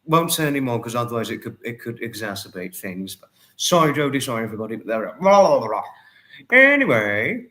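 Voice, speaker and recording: A man hosts a casual livestream and reads out viewer comments. He greets each person by name and thanks them at length. His voice sits at an ordinary middle pitch. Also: big pitch swings, quick pace, pushed and bright. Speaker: livestream host.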